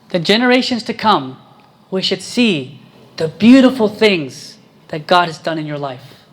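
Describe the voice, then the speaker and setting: A man's voice: sits high, sing-song, measured pace. A man preaching a sermon as a priest, quizzing his congregation and pressing his points with emphasis.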